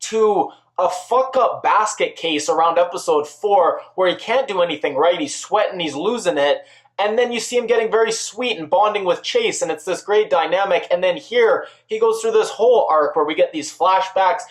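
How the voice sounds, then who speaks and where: A man giving a casual spoken recap and review of a TV episode, chatty and quick to act out the characters' lines. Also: sits high, reverberant. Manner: chatty, quotes characters in quick put-on voices.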